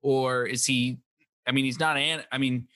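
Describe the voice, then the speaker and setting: A man's voice: medium pitch, steady tone, normal speed, a bit bright. A man in casual chat, asking questions and fumbling for his words. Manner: inquisitive and searching for words.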